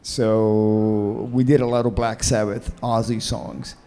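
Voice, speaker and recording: Dark-voiced man with a Cuban-Jersey accent. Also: fairly low pitch, flat delivery, slow pace, smooth. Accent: Cuban-New Jersey. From Cuba. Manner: chatty, laughs while telling stories. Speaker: panel guest musician. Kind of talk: casual storytelling on a convention panel. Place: convention panel stage.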